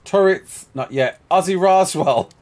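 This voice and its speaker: He speaks in a high, somewhat mellow voice at a measured pace. Exhausted from lack of sleep, this gaming streamer rambles in casual chat and answers viewer questions during live play.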